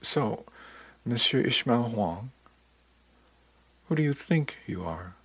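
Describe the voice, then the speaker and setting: A man doing a suave, soft-spoken tailor. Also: medium pitch, expressive, slow, husky, dry recording, pitched above the performer's own voice, exaggerated voice. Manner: polite, soft-spoken, coaxing. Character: suave male tailor, refined and gently probing.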